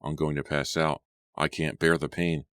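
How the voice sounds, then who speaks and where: A man's voice: a bass voice, level tone, normal speed, a bit bright, clean tone, no room sound, clean studio sound. A man voicing a terrified teenage girl who cries out for help in panic, in an audiobook. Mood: screaming.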